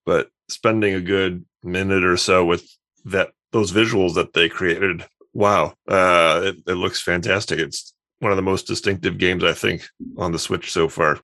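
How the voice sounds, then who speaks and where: Low gravelly man chatting casually. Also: steady tone, unhurried, bright, forceful tone, dry recording, clean studio sound. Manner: thoughtful, enthusiastic about games, trailing restarts. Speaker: podcast co-host. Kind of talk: casual chat.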